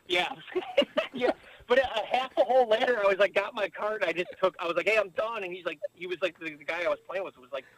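A man with a notably high speaking voice tells loose, rambling stories as a podcast guest. He swears freely and packs his talk with filler words. He is calling in remotely from a car. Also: wildly swooping pitch, fairly quick, low-quality recording. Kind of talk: casual storytelling. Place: driving in a car.

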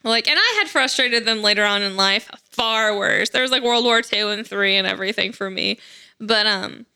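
Bright, chatty woman telling a story. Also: mid-range voice, normal speed, creaky, clean tone. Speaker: podcast co-host. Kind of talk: casual chat.

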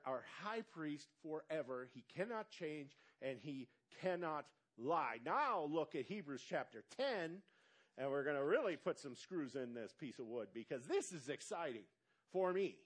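A male pastor preaching a sermon, asking the congregation quick questions and stretching out words for emphasis. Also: a little high. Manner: animated preaching with call-and-response questions to the congregation.

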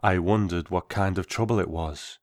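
A man narrating a first-person story in a measured, reflective way. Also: low voice, a little hiss or hum.

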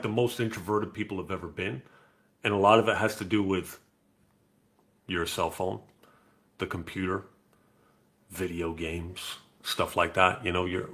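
A man's voice: fairly low pitch, bright, forceful tone. A middle-aged man hosting a live podcast, talking in a blunt, profane, casual way. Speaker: podcast host. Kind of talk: casual live-stream chat.

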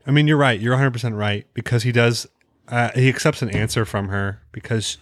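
A man's voice: mid-range voice, steady tone, fairly quick, dry recording, studio quality. A man co-hosting a casual chat, retelling episodes at length with crude jokes and fillers. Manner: storytelling recap, crude jokes, filler words. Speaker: podcast co-host recapping episodes.

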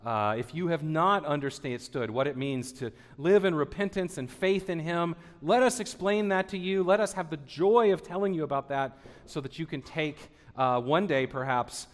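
A man's voice: a little high, normal speed. A man in his forties, a pastor, preaching an earnest sermon, often repeating himself and building to emphatic peaks. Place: church sanctuary. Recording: long church hall reverb.

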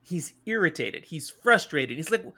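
A woman co-hosting a casual book discussion podcast, retelling the story in an animated way. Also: deep voice, moderate pace. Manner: animated retelling, playful voices in quotes. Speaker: podcast co-host.

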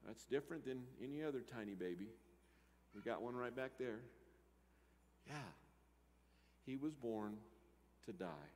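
A man preaching a sermon, moving between loud emphatic lines and quiet asides. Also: mid-range voice, animated, unhurried, long pauses. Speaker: pastor. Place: church sanctuary. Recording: church hall reverb.

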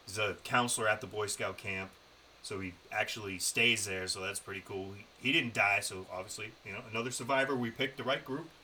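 A man's voice: fairly low pitch, fairly quick, sharp tone, a little hiss or hum, rough recording. A man co-hosting a podcast, telling a road-trip story in a loose, profane, casual way. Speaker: podcast co-host. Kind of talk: casual chat.

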